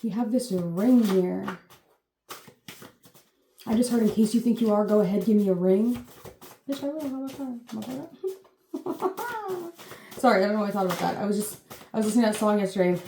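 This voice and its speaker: A woman with a mellow, relaxed tone rambles through a casual reading, leaning on fillers and the odd playful curse. Her voice carries a roomy echo, with faint noise underneath. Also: medium pitch, quick pace, long pauses. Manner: chatty, meandering, full of fillers, swears playfully. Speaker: channel host giving intuitive readings.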